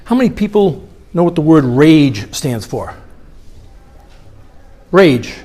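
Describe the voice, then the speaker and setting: A man's voice: fairly high pitch, slow. A middle-aged man giving a live motivational talk with a guided meditation, questioning the audience as he goes. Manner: animated, engages audience with questions. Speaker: motivational speaker. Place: conference hall.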